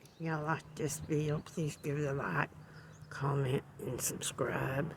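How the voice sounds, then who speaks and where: A man vlogging casually outdoors at his bird feeders, rambling quietly to viewers on a phone camera. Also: on the high side, level tone, unhurried. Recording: outdoor birdsong and ambient noise.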